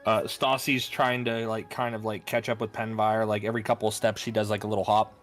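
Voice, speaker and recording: A man's voice: fairly low pitch, little pitch movement, fairly quick, a bit bright, soft background music. A man playing a tabletop game, casually describing his character's actions with many "like"s. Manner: casual, lots of "like". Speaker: player.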